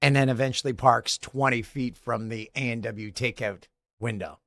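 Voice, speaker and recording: A man in his forties hosting a podcast in casual chat, animated and jokey, laughing often. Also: mid-range voice, normal speed, no room sound, clean studio sound. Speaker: podcast host.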